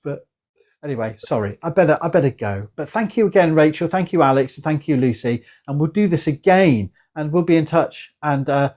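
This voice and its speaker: A man's voice: a little high, lively intonation, a little mellow. A tired man hosting a casual online chat, rambling and restarting his sentences on a video call. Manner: rambling, halting, full of restarts. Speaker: host.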